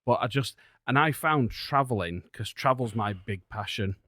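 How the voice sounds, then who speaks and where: A man's voice: medium pitch, lively intonation, moderate pace, sharp tone, dry recording, studio quality. A man talking animatedly in a casual podcast chat, full of restarts and asides.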